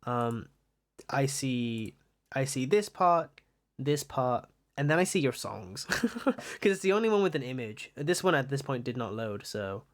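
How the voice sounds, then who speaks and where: Lively, giggly young art streamer. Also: medium pitch, unhurried. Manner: rambling, giggly, swears casually. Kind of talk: casual livestream chat.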